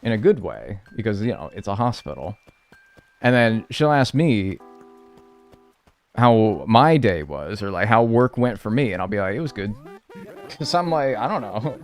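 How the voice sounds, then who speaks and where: A young man chatting casually and rambling on a live gameplay stream, swearing freely as he talks. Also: mid-range voice. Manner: animated, chatty, swears a lot.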